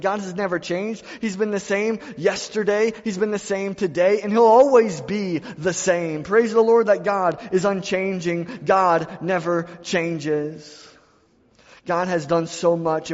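A man preaching a sermon to his church, repeating phrases and building emphasis as he speaks. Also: a little high. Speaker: pastor. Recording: dull sound with long hall reverb.

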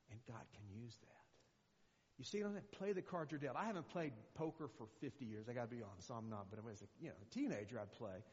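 A man's voice: mid-range voice, animated, quick pace, a little mellow. An older man giving a sermon in a loose, chatty way, often stumbling and restarting. His voice rings with a long echo through a church hall, and the recording sounds somewhat muffled. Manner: conversational, rambling with many fillers and restarts. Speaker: guest preacher.

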